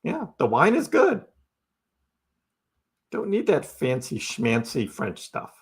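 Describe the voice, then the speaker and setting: A man's voice: fairly high pitch, wildly swooping pitch, slow, creaky. A middle-aged man hosting a crypto livestream, casually answering viewer chat with wry jokes and frequent laughs. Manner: chatty and wry, laughs often.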